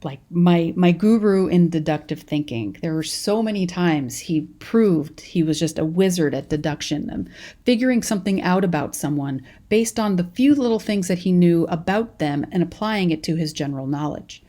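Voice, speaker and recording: Californian woman professor, young adult, low mellow voice, relaxed chatty lecture style. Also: moderate pace. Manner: conversational, storytelling teacher with many restarts. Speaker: college professor. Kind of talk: recorded lecture.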